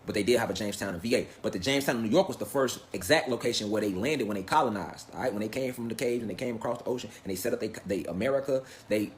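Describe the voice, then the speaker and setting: A man's voice: lowish voice, racing, few pauses, slight background noise. A man giving a casual livestream lecture, talking straight to his viewers. He swears often, asks them questions, and keeps stressing his points with "facts" and "all right?". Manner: profane, emphatic, repeats "facts" and "all right". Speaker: online lecture host.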